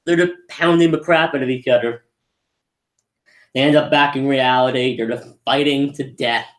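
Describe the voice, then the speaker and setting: A man's voice: mid-range voice, fairly even intonation, normal speed. A young man rambling enthusiastically through a casual live movie review, often restarting his sentences. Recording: roomy echo.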